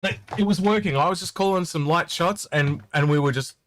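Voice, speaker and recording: A man's voice: a little high, fairly quick, fairly bright tone, slight background noise. A man chatting casually as a podcast co-host, rambling with lots of restarts. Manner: rambling, many restarts, acts out quoted voices. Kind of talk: casual chat.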